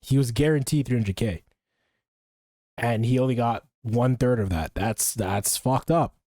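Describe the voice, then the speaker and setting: A man's voice: medium pitch, a little slow, warm tone, no echo, studio quality. A man giving casual, blunt reaction commentary on a video, swearing and laughing often.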